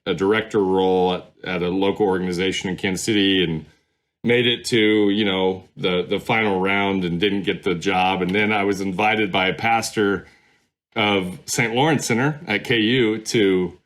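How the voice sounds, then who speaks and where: Middle-aged man, low register, loose conversational storyteller who circles back and restarts. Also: fairly even intonation, normal speed, fairly bright tone. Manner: rambling, many fillers and restarts. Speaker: podcast guest, former pastor. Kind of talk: casual storytelling interview.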